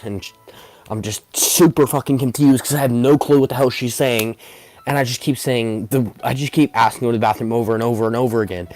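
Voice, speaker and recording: A man's voice: mid-range voice, a little mellow. A man telling a comedic story as a vlogger, rambling with many restarts and fillers and talking straight to his viewers.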